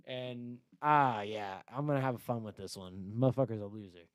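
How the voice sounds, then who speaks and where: A young man, a podcast host and battle rapper, rants about a rival, swearing constantly and mocking him in put-on voices. His voice is mid-range at a normal speed, with a clean tone and no room sound.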